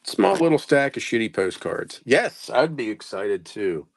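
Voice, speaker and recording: A man's voice: medium pitch, very animated, measured pace, gravelly, no room sound. A man running a casual live sales stream, reading out place names and stumbling over how to say them, self-mocking. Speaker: live-stream postcard seller.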